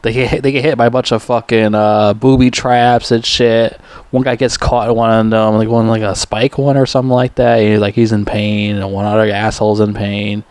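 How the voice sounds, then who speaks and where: A man's voice: flat delivery, moderate pace, darkish tone, clean tone, no room sound. Man, casual profane movie recap, rambling and loose, dry close sound. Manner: profane, rambling, laughs at own jokes; mimics characters in high squeaky voices. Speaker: movie reviewer.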